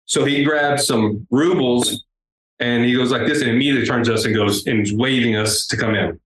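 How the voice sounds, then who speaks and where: A man, a guest on an interview, telling a travel story in a casual, animated way. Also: medium pitch, brisk. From United States. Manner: animated, acts out the people in his story. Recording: roomy with faint background noise.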